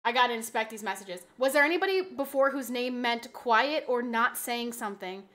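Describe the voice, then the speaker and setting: High, bright-voiced woman streamer. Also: lively intonation, moderate pace. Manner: exasperated, rambling, bursts into loud yelling. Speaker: live streamer. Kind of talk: casual live-stream chat.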